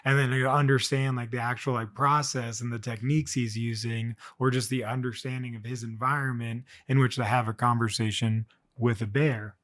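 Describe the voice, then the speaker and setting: A man's voice: mid-range voice, little pitch movement, normal speed, a bit bright. Rambling young man on a solo vlog. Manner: rambling, many fillers and restarts. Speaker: vlogger. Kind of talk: casual solo monologue.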